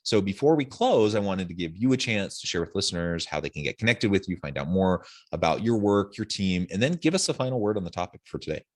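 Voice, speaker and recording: A man hosts an interview podcast with a notably deep voice. He speaks courteously and affirmingly, and the call sounds like a remote webinar recording. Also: animated, quick pace, few pauses. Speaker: podcast host. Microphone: video call.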